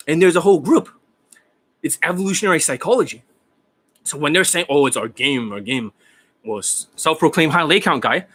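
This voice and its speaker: A hoarse man lecturing his viewers as a dating coach, profane and combative, firing off rhetorical questions. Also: fairly high pitch, a bit bright. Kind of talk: ranting monologue to viewers.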